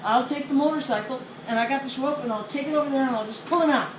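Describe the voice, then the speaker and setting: A woman's voice: high-pitched, quick pace, voice pushed up, natural voice. A woman voicing a loyal chicken, talking urgently and with determination. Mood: determined. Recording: echoey room with background noise.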